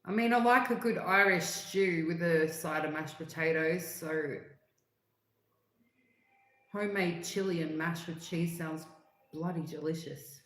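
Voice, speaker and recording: A woman's voice: low-pitched, a little slow, pauses often, fairly bright tone, echoey room, poor audio. A woman hosting a livestream, chatting casually and reading out viewer comments in a rambling, filler-heavy way. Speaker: livestream host.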